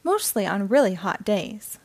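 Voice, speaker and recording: A woman's voice: medium pitch, sing-song, a little slow, no room sound. A woman voicing a nervous, tired male toy fire engine.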